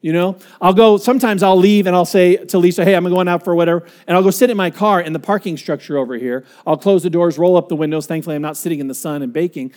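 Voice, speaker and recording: Man, pastor, high-pitched, emphatic sermon delivery, slows for scripture. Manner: emphatic, varies volume from loud to quiet, slows for scripture.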